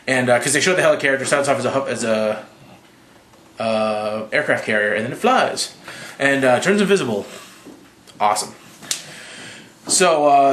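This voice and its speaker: A slightly drunk young man rambling through a profane, casual movie recap with quick impressions. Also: mid-range voice, a bit bright, echoey room, slight background noise. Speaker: movie reviewer.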